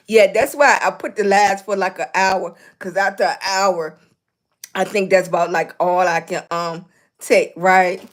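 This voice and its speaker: A middle-aged woman, hosting a casual livestream and greeting viewers warmly as baby and sweetie, hoarse and clearing her throat from a cough. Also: mid-range voice, fairly even intonation, a little slow, slight background noise. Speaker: livestream host.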